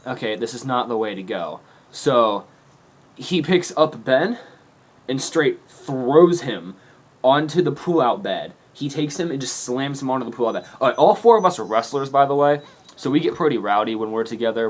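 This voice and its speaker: A man's voice: mid-range voice, normal speed. A young man telling a story to his camera in a rambling, casual way, laughing and swearing often. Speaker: vlogger. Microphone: camera mic.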